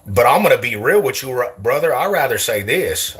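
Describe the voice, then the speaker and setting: A man's voice: medium pitch, a little fast. A young man from Denver with an East Side Denver accent, talking casually and slangily to camera as a vlogger. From Denver, USA. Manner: slangy, loose, animated, laughs often. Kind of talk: casual street talk to camera.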